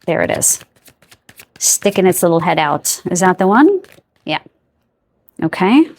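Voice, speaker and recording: A woman's voice: on the low side, sing-song, unhurried, darkish tone. A woman giving an intuitive tarot reading to camera, chatty and searching for words aloud, stopping to ask her spirit guides for messages. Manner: talks to spirit guides between remarks. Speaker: tarot card reader.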